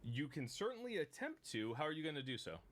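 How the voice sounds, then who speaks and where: A man running a tabletop game as game master, casual and loose with his fillers. His voice swings widely in pitch and sounds bright. He laughs often between lines. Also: very animated, fast, a little hiss or hum.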